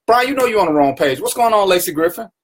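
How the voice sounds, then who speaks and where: A man's voice: sits high, animated, quick pace. A man hosting his own live stream, greeting viewers by name and teasing them in casual, playful banter. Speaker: livestream talk show host.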